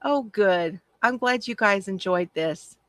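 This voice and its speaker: Slow-talking gushing woman livestreamer. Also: medium pitch, no room sound. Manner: chatty, gushing, answers viewer comments. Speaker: crafting livestream host. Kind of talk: casual livestream chat.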